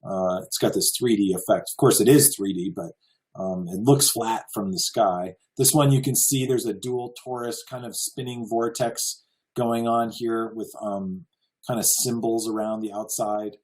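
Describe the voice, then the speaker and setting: A man's voice: lowish voice, steady tone, normal speed, darkish tone, poor audio. An American man giving a casual slideshow lecture, earnest and full of wonder, chuckling now and then. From United States. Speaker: presenter.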